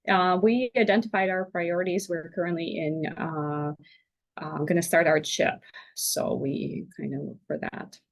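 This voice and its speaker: Een vrouw die als deelnemer aan een webinar via een videogesprek aarzelend vragen beantwoordt. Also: female voice, on the low side. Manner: hesitant, halting. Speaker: webinar attendee. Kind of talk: casual answers on a webinar.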